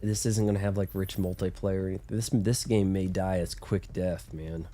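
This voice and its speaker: A man's voice: deep voice, steady tone, normal speed, warm tone, slight background noise. A man with a congested, sick-sounding voice, chatting casually as he plays and streams a game. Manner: rambling, chatty, self-deprecating. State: congested from illness. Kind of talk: casual gameplay commentary.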